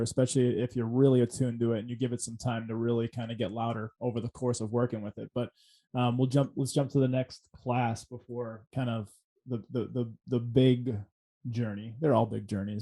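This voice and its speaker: A man hosts a casual podcast conversation, talking earnestly and reflectively with many fillers and restarts. His voice is medium-pitched and fairly flat, with a dark tone and a fairly quick pace.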